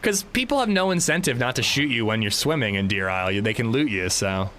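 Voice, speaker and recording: A man's voice: medium pitch, lively intonation, fast, a bit bright, slight background noise. A male streamer chatting casually while gaming, swearing lightly and laughing easily.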